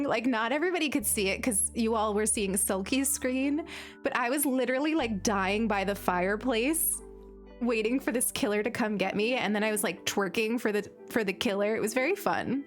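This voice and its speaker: A young woman streaming, chatting casually and giggling, with lots of filler words. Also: a little high. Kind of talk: casual chat while gaming.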